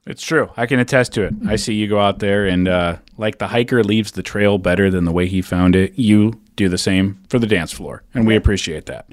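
Male podcast co-host, lowish voice, dry close mic, relaxed joking chat. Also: a little fast, hardly any pauses, no echo. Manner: reads listener questions, jokey. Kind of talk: casual chat.

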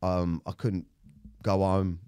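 A man with a very deep voice speaks haltingly about a painful time, often stopping and restarting his sentences. He is recorded close and dry. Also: flat delivery, warm tone, clean tone, no echo. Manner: halting, emotional, many restarts. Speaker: podcast co-host. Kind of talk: candid personal story.

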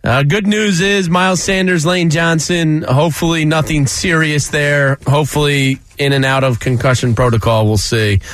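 Higher-voiced man hosting sports radio. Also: fairly even intonation, normal speed, hardly any pauses, fairly bright tone, no echo. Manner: sarcastic, breezy.

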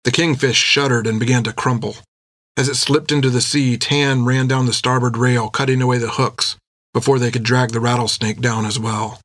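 A man reading an adventure novel aloud in steady, measured scripted narration. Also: medium pitch, no echo. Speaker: audiobook narrator.

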